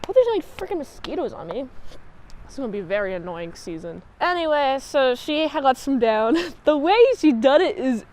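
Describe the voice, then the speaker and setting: A woman reviewer talks through an episode recap in a high, light voice. She rambles and jokes as she goes. Her energy is animated and playful. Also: normal speed, a little hiss or hum. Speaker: show reviewer.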